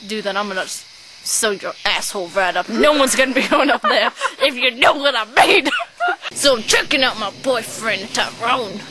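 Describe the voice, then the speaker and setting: A woman's voice: a little high, lightly acted. A woman playing a foul-mouthed, bossy young shopper who rants and swears constantly in an amateur sketch. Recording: noisy home recording.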